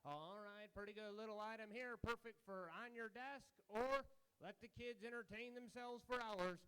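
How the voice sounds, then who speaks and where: A man working as an auctioneer, calling bids in a brisk rolling chant of numbers. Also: high-pitched, bright, forceful tone, smooth.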